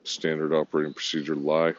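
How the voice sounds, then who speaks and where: A man's voice: very deep voice, completely flat delivery, fast talker, dull audio. A man talking to himself in a rambling, disjointed monologue, swearing now and then.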